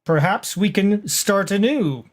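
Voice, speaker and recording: A game master voicing a smooth, guarded male antiquities dealer with a faint German accent, polite but cagey, in a tabletop game. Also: mid-range voice, animated, takes it slowly. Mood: bargaining.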